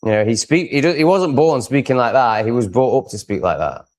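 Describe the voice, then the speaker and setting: A man's voice: mid-range voice, lively intonation, a little fast, darkish tone. A man hosting a live stream, chatting casually and reacting to viewers' comments in a rambling, opinionated way. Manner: rambling and opinionated, with many fillers and restarts. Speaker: livestream host.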